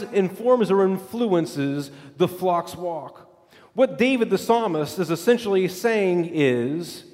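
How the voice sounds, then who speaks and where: High-voiced preacher in a reverberant hall. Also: male voice. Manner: repetitive, emphatic cadence, drops voice low and soft for scripture. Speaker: pastor. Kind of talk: sermon. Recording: long reverb of a large hall.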